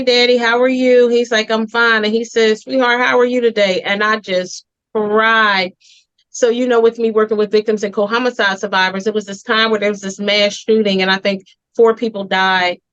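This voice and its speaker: A woman's voice: mid-range voice, fairly bright tone, clean tone, muffled recording. A woman host and community advocate with a Philadelphia accent, telling a heartfelt story in an earnest, emphatic way on a TV interview show.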